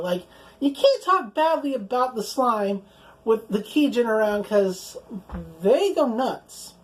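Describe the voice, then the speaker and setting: A young woman casually recapping anime episodes, chatty and relaxed, full of "like" and casual swearing. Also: mid-range voice, unhurried, poor audio. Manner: chatty, fills speech with "like", swears casually, acts out quoted lines in passing. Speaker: anime reviewer.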